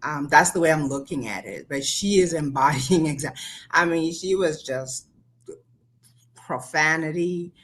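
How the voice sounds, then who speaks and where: Woman panelist, careful and hesitant, deep voice with a bright edge. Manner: measured, hesitant, many ums. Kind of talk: casual panel discussion.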